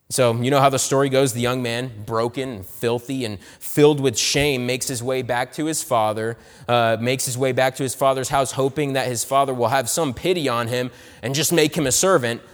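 A man preaching a sermon, swinging between loud emphatic lines and soft, low asides. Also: steady tone, normal speed, in a large hall.

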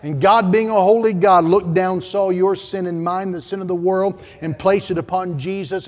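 Male pastor preaching in a church sanctuary, pitched high, rising to urgent calls and dropping to hushed lines. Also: steady tone, normal speed, hardly any pauses, long reverb tail. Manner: dynamic preaching, swinging from loud urgent calls to hushed low passages. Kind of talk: sermon.

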